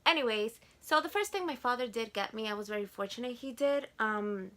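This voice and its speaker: A woman's voice: on the high side, lively intonation, a little fast, bright, forceful tone. A woman in her twenties with a Spanish accent, chatting to camera in a casual haul vlog, gushing and repeating words for emphasis. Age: 20s. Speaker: vlogger.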